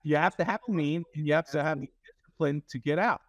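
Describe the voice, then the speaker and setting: A man's voice: a little high, quick pace, no echo, clean studio sound. A man, a company CEO, telling a story in an interview with many fillers and restarts, acting out quoted lines.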